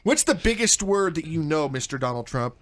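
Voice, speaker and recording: A male talk show host with a voice pitched high for a man. He is energetic and joking, pokes fun at himself, and rattles off sponsor plugs and phone numbers in the way of a radio show. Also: fairly quick. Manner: energetic, joking, self-mocking; reads ads and phone numbers.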